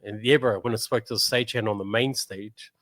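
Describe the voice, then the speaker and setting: A man's voice: on the low side, steady tone, fairly quick, a bit bright, no echo. A man with a New Zealand accent, a musician guest chatting casually, laid-back, laughing often and saying "bro" a lot. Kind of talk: casual chat.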